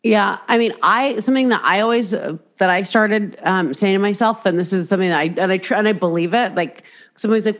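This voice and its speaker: A fast-talking woman with a mid-range voice chats casually as a podcast host. She rambles and restarts sentences midway, swears a lot, and brings her stories to life by acting out inner voices.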